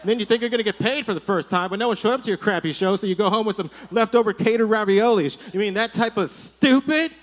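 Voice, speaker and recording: A man doing a stand-up comedy set for a live audience, telling animated stories and tagging his lines with "right?". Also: high voice, fast talker, hardly any pauses.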